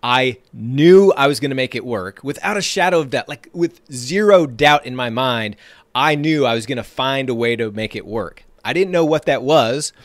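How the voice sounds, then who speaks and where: Male trading-podcast host, upbeat motivational talker, punchy repetition, average pitch, dead-dry recording. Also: moderate pace, no room sound. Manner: energetic, emphatic, repeats phrases for effect.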